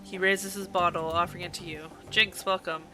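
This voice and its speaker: A woman's voice: lowish voice, flat delivery, fairly quick, bright, forceful tone, soft background music. A woman streaming a game live, reading its text aloud and reacting with gushing, emotional outbursts. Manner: gushing, emotional reactions between read passages.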